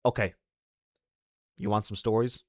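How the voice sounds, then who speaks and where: A man's voice: lowish voice, steady tone, unhurried, no echo, clean studio sound. A man with an Irish accent chatting casually with viewers from a bar, joking and laughing often. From Ireland. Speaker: host. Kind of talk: casual live chat with viewers.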